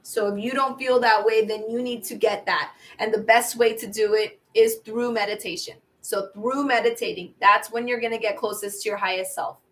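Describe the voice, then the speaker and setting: High-voiced woman giving chatty affirmations. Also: steady tone, moderate pace, few pauses. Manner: chatty and repetitive, calls viewers babies. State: watery eyes from air purifier. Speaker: tarot reader. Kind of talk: casual spiritual pep talk with affirmations.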